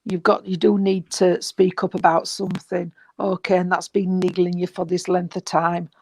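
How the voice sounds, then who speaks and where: A spiritualist medium giving a gentle, reassuring reading, rambling and repeating, with many fillers. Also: medium pitch, little pitch movement, normal speed, dry recording, poor audio. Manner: gentle, reassuring, calls the sitter sweetheart and darling. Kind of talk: mediumship reading at an online service.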